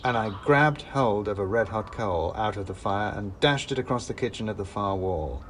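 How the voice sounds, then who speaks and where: A man's voice: lowish voice, normal speed, fairly bright tone, slight background noise. A man narrating a fantasy story in the first person with wry, dry humor. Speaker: narrator and author-reader.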